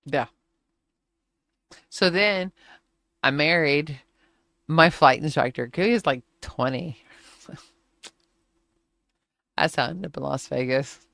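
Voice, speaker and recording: A woman gaming streamer with a low voice, vocal fry and a fairly bright tone speaks slowly and pauses often on a dry, clean studio recording. Chatting casually while playing a flight game, she tells stories, laughs often and acts out quotes.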